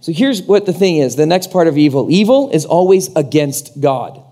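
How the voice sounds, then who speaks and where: A male pastor preaching a sermon in an animated way, acting out the voices he quotes. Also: on the high side, moderate pace.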